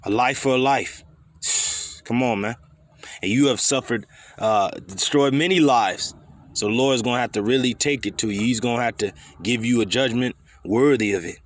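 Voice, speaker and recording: A man's voice: mid-range voice, moderate pace. A man preaching a blunt, confrontational scripture sermon full of profanity and street slang.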